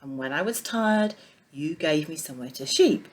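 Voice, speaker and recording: A woman playing a gentle storybook king. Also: deep voice, lively intonation, moderate pace. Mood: kind. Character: kind, fair storybook king.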